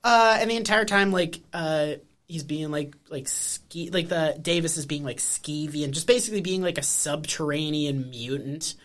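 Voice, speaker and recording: A man's voice: on the high side, moderate pace, few pauses, fairly bright tone. A man co-hosting a podcast, chatting casually and comically about a TV episode in a rambling way, full of fillers and swearing. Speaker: podcast co-host. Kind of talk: casual comedic chat recapping a TV episode.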